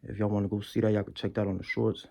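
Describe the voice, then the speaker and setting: A young man talking quietly in a casual, slang-heavy way while showing a pocket bike build. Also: fairly low pitch, little pitch movement, quick pace, vocal fry. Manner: hushed, laid-back slang-heavy talk. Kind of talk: casual workshop vlog.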